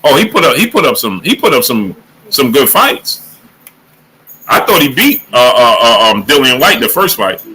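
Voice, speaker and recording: A man hosting a boxing livestream, giving shout-outs to the chat in casual, animated talk, sometimes dropping to a hush. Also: medium pitch, moderate pace, breathy edge. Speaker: livestream boxing show host.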